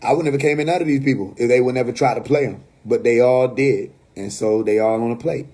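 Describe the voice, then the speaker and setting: A man's voice: mid-range voice, quick pace, warm tone. A man with a New York accent, ranting casually and bluntly on a phone livestream from home, cursing and laughing between points. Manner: blunt, profane, laughing asides. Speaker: livestream host.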